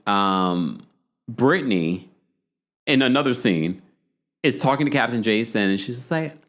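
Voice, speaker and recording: Man, podcast recap host, casual gossipy chat, animated storytelling, expressive swings in pitch. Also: unhurried. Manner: animated gossipy storytelling, frequent "okay?" asides.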